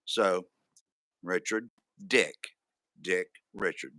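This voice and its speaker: A man's voice: low-pitched, drawn-out words, bright, forceful tone, no room sound. Joking man hosting a live stream. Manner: joking, reads out viewer comments. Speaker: livestream host. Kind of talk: casual live-stream chat.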